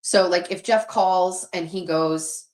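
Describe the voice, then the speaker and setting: Slow-paced and low, with a darkish tone, this middle-aged livestream host talks openly, cusses freely, and reads out comments from viewers. The recording has a roomy echo.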